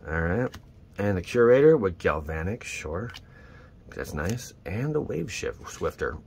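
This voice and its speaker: A man hosting his channel, chatting casually and excitedly to viewers as he opens trading card packs. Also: deep voice, measured pace, slight background noise. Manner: excitable, rambling, talks to viewers. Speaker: channel host. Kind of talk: casual card-opening commentary.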